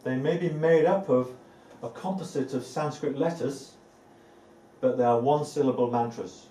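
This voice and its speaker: A man's voice: medium pitch, normal speed, dark tone, distant mic. A man giving a live evening talk to a group as a spiritual teacher, earnest and given to repeating words for emphasis, with light laughs now and then. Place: indoor room with a live audience. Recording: echoey room, voice off-mic, faint ambient noise.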